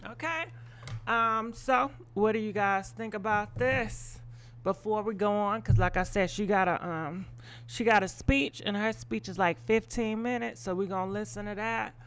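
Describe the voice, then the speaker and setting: A woman's voice: mid-range voice, unhurried, gravelly, fairly bright tone. Blunt, swearing woman gossip host. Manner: blunt, opinionated, swears casually; rambling with frequent ums and asides. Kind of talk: live-stream gossip commentary.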